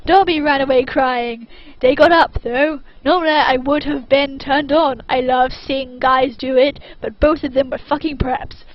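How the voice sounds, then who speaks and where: A woman reads fan fiction aloud in a deadpan, mock-serious way. Her voice is high. The recording is muffled and lo-fi. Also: normal speed. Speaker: reader. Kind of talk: dramatic reading of fan fiction.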